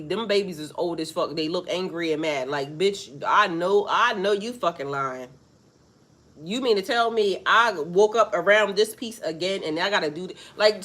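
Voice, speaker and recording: A woman giving a casual spiritual monologue to her viewers, profane and animated, laughing often. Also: on the low side, normal speed. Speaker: spiritual reader.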